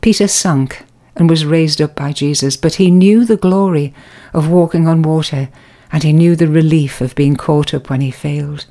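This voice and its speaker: A woman giving a calm, measured and earnest spoken devotional reflection. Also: sits low. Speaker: preacher.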